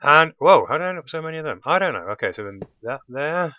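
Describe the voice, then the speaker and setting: A man's voice: fairly high pitch, sing-song, fast, dry recording, lo-fi sound. A man giving casual commentary while playing a game, often bursting into delighted exclamations. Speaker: let's play host.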